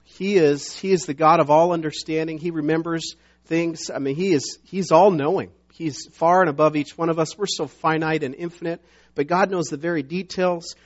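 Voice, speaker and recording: Halting conversational pastor, man. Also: on the high side. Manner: conversational, halting with restarts and fillers, emphatic when reading scripture. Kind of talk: sermon. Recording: dull lo-fi sound.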